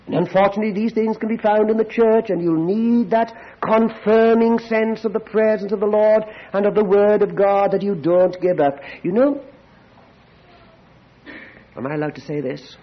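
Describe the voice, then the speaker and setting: A preacher from Britain with a high-pitched voice, delivering an animated sermon. He swings from hushed asides to loud, repeated exhortations. The recording sounds dull and lo-fi.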